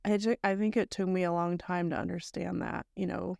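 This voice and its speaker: A woman co-host with a lowish voice, retelling a story in long, run-on strings of events. She talks bluntly and casually. The sound is close and dry, with no room echo. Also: fairly even intonation, fairly quick, vocal fry, darkish tone. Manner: conversational, recounting events in long run-on chains; blunt, mild swearing. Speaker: podcast co-host. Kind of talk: casual chat recapping a story.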